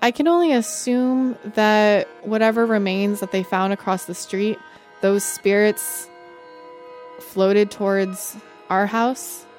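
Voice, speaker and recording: Animated woman telling a true story. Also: mid-range voice, slow. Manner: animated, frequent "like", acts out quoted dialogue. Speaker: guest storyteller. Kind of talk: personal storytelling. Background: faint music score.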